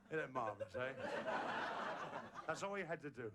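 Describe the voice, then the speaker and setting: Man with a high, bouncing comedy voice. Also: huge pitch swings, fast talker, pauses often. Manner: rambling, breaks off to joke and chuckle at himself. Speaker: stage comedian. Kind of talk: comic monologue reciting a poem. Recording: hissy old television recording. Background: audience laughter.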